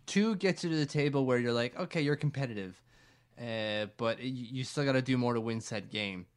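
Young man, casual sports chat, rambling, jokey, middle-pitched voice. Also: brisk, clean tone. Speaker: podcast co-host.

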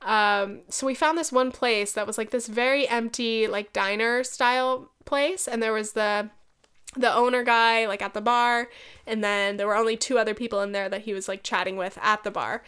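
A woman's voice: on the high side, fairly even intonation, moderate pace, a bit bright, clear, resonant tone. A young woman hosting a solo podcast, chatting casually with lots of fillers, swearing and laughing often. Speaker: podcast host.

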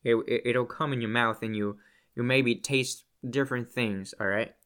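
A man's voice: mid-range voice, steady tone, moderate pace, a bit bright, clean tone. A man talking casually as a whiskey vlogger, rambling and restarting his sentences and swearing now and then. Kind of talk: casual chat.

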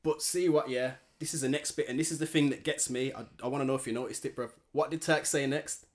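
Animated young man chatting. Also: quick pace. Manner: animated, slangy, acts out quotes in lower voice. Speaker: podcast co-host. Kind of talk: casual chat.

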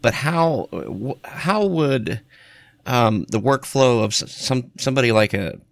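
A man with an American accent on a casual podcast, speaking in a halting way as he searches for words. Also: mid-range voice, expressive, vocal fry, no echo. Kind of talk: casual chat.

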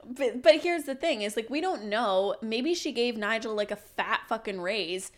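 A woman's voice: on the high side, normal speed. A woman co-hosting a podcast in casual chat, talking in an emphatic way and pushing her point. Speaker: podcast co-host.

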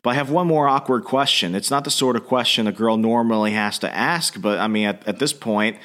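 A man voicing a young woman who speaks hesitantly and haltingly. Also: fairly low pitch, a bit bright, natural voice. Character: young woman asking an awkward question, hesitant.

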